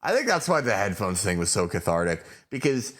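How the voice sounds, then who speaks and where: A man with a low voice talking on a podcast mic. He rambles through crude, joking banter, piling up fillers and curses as he goes. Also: big pitch swings, brisk, a bit bright. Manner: rambling, profane, lots of fillers. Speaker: podcast guest.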